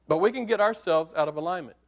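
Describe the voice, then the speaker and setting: With a fairly high-pitched voice, a man preaches and recounts a hunting story as a sermon illustration, animated and conversational, his tone shifting from hushed to excited.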